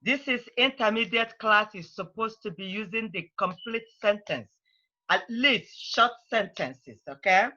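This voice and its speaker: A woman's voice: medium pitch, measured pace, bright, forceful tone, highs cut off. A woman teaching a language class over a video call, speaking. She prods students patiently and repeats her phrases.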